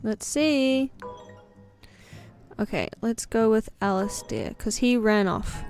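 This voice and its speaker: A woman's voice: fairly high pitch, slow pace, darkish tone, faint music behind. A tired young woman with a New Zealand accent, chatting and rambling casually while live-streaming a game late at night. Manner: chatty, rambling, self-interrupting.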